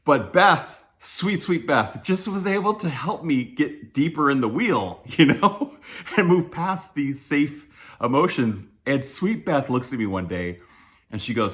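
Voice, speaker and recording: A man's voice: a little high, very animated, unhurried, a bit bright. A man giving a casual, conversational sermon, candid and self-deprecating, chuckling often and talking loosely with fillers and restarts. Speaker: church speaker.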